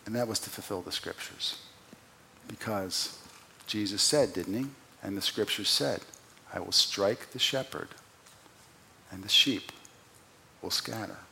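A man preaching an expository sermon, who asks the listeners rhetorical questions and swings from loud emphatic peaks to quiet, low drops. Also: a little slow, gravelly, long pauses, slight background noise. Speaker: pastor.

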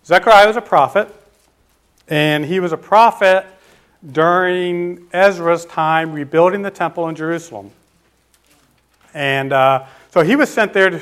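A man preaching a sermon, posing questions to his listeners, answering them himself and slowing down to stress key words. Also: fairly high pitch, fairly bright tone.

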